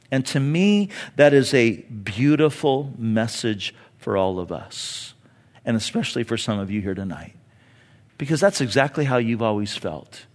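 A man from California preaching a conversational sermon in a church, with dramatic pauses. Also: high voice. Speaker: pastor.

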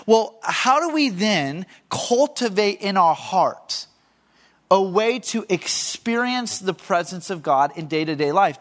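A middle-aged male pastor with a notably high voice preaches to his congregation from the stage. He teaches step by step and keeps checking in with questions to the room. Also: a bit bright. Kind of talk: sermon. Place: church stage before a congregation.

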